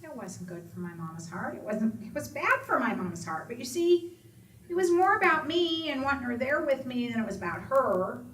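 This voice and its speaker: A woman's voice: high voice, normal speed, slight background noise. A middle-aged woman, an Alzheimer's advocate, telling a personal story to an audience and voicing the people in it. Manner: expressive storyteller, quoting others in raised voices. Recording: echoey room from far off, faint ambience.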